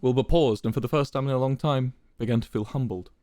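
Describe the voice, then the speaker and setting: A man streaming, reading a fan story aloud in an expressive, dramatic way. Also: mid-range voice, quick pace, no room sound.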